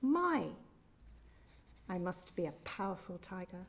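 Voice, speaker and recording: A woman's voice: on the low side, big pitch swings, takes it slowly, vocal fry, heavily acted. A woman voicing a beautiful, powerful caged female tiger as she tells a story in a church service, musing and lifting her voice on the first word of each line. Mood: wondering.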